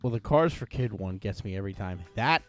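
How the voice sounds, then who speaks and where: A man's voice: on the low side, lively intonation, fairly quick, faint music behind. A man co-hosting a podcast, rambling and ranting with lots of profanity in casual chat. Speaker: podcast co-host.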